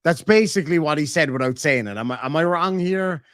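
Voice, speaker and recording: A man's voice: a little high, a little fast, fairly bright tone, no echo, studio quality. A man giving profane, sarcastic reaction commentary on video clips. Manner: sarcastic, mocking, swears often.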